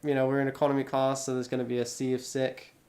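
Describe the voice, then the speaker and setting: A young man streams live and chats with his mother, reading out viewers' messages as he goes. His pitch sits in the middle of the range. He comes across as wry and self-deprecating, in an easy, casual way. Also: completely flat delivery, fast, darkish tone.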